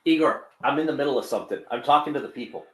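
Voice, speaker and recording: This sports podcast co-host fires off rapid banter about football and food, laughing often and ranting playfully. He has a mid-range, fairly bright voice.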